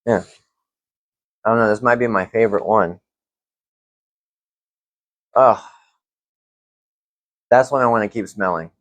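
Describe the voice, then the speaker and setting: A young man reviewing fragrances in a casual vlog, relaxed and rambling with lots of fillers. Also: lowish voice, a little slow, long pauses, dry recording.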